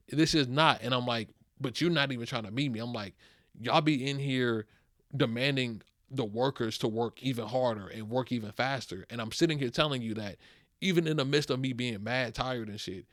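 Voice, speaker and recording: A young man hosting a podcast, telling a story in a casual monologue, venting and animated, with heavy slang and swearing, sounding worn out. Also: medium pitch, no echo, studio quality. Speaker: podcast host.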